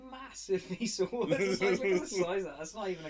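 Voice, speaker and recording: A man chats over a film, laughing often and swearing casually. He sounds animated and loose, cracking jokes as he goes. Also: sits high, quick pace, a loud crowd. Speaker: film commentary co-host. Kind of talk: casual alternate film commentary.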